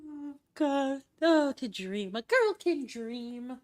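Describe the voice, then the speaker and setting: Chatty woman, high voice. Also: animated, slow, long pauses, darkish tone. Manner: chatty, rambling, heavy use of "like" and "um". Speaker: streamer host. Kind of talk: casual chat.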